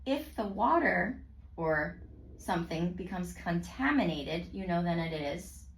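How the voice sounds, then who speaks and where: A woman tutoring a student in reading, praising often and sounding out words slowly in parts. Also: fairly low pitch, lively intonation, a little hiss or hum. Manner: slow, clearly segmented word pronunciation. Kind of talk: one-on-one reading lesson. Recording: roomy sound from a distance.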